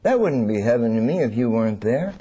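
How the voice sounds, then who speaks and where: A man preaching a sermon. He swings between loud and hushed and acts out little scenes. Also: medium pitch, big pitch swings, fairly quick, slightly rough.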